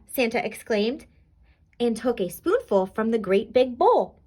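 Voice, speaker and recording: A woman reading a children's storybook aloud in an expressive, animated way. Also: on the high side, normal speed.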